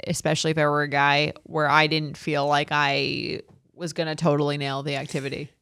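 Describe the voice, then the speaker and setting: A woman's voice: deep voice, little pitch movement, a little fast, fairly bright tone, clean tone, dry recording, clean studio sound. A woman co-hosting a casual dating podcast, chatting and reading out listener emails. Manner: chatty, laughs easily. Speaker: podcast co-host.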